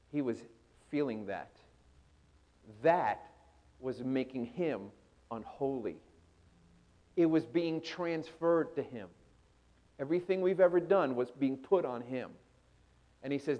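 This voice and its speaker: A man's voice: on the high side, darkish tone, highs cut off. A man preaching a sermon with dramatic delivery, acting out scripture in rising and falling intensity.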